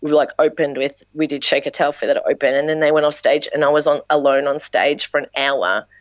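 Lively Australian woman telling stories. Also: low-pitched, a little fast, dry recording, highs cut off. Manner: animated storyteller, acts out quotes. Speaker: dance teacher and performer. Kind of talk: casual podcast chat.

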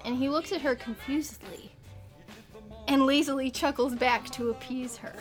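A woman's voice: high-pitched, a bit bright. A woman reading a comic story aloud to friends, giving the characters small voices and laughing often. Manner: reads with small put-on quotes, laughs often. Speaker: podcast co-host reading a story.

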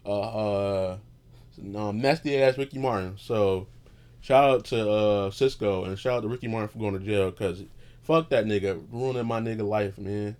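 Low-voiced man rambling casually from bed. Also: normal speed, a little mellow, clean tone. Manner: loose, profane, meandering, loses his train of thought. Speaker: podcast host. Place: in bed at home.

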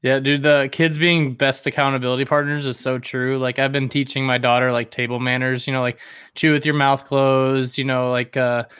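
A man's voice: mid-range voice, flat delivery, moderate pace, fairly bright tone, clean tone, no room sound, clean studio sound. A man hosting a casual podcast, chatty and self-mocking, with lots of fillers. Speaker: podcast host.

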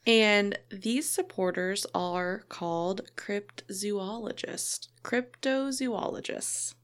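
A woman co-hosts a podcast and talks in an unhurried, easygoing way. Her pitch sits in the middle for a woman. She chats casually and often pauses on fillers as she works through her points. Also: clear, resonant tone. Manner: chatty, relaxed, with many fillers. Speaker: podcast co-host. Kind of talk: casual chat.

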